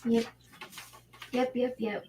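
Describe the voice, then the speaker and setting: A woman's voice: on the high side, little pitch movement, slow pace, background noise. Friendly, encouraging woman panelist. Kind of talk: casual chat.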